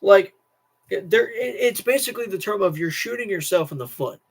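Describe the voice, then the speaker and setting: A tired teenage boy rants to his stream in a rambling, restless way. He keeps circling back, restarting his sentences and repeating himself. His voice sits a bit high for a young man. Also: animated, brisk, creaky, husky. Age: teens. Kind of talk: casual political rant to camera.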